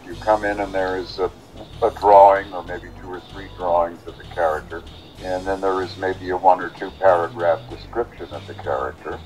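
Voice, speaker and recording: Low-voiced guy on a call telling old voice-acting stories, easygoing. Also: steady tone, moderate pace, a little mellow, rough recording. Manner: reflective anecdotal storytelling. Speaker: voice actor. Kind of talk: interview. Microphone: phone or video call.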